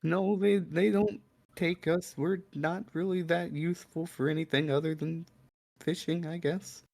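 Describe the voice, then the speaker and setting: A jittery village leader stumbles over his words and repeats himself as he asks for help, as a man plays him. The voice sits a little high. The sound is dry and close. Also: steady tone, a little slow, creaky, darkish tone, dry recording. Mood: nervous. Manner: stammering, hesitant. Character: nervous stammering male village leader.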